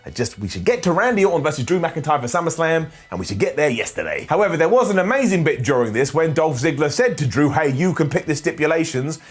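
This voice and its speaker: A man's voice: fairly high pitch, sing-song, quick pace, hardly any pauses, husky. A man reviewing a wrestling show in a comedic, sarcastic recap monologue. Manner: sarcastic, jokey, mocking asides.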